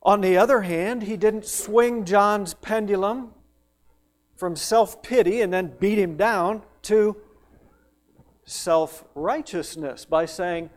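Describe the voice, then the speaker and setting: A man preaching a sermon, emphatic, rising to loud peaks and dropping to hushed questions. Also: sits high. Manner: slow, drawn-out delivery on lists.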